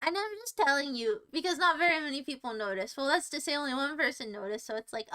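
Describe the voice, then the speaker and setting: A young woman talks to her live-stream viewers in a high, bright voice. She rambles playfully from one silly topic to the next and pokes fun at herself as she goes. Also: lively intonation, fast talker, few pauses. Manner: silly, rambling, self-mocking, jumps between topics. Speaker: livestreamer.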